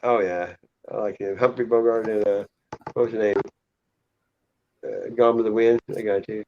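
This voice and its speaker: A man's voice: fairly low pitch, steady tone, normal speed, noisy background. A man hosting a casual live chat, joking crudely and laughing often. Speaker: channel host. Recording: muffled lo-fi audio.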